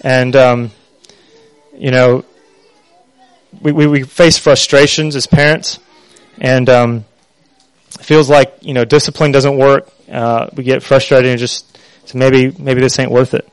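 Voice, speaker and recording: Guy preaching, earnest, lots of ums, smooth voice, level pitch. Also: level tone, dry recording, low-quality recording. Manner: halting, many fillers, earnest. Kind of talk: sermon.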